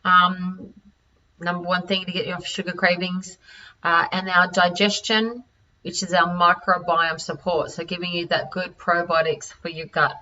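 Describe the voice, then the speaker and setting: An Australian woman presenting health products over a call, halting with many fillers and restarts. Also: lowish voice, level tone, pushed and bright, slight background noise. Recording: distant, dull-sounding audio.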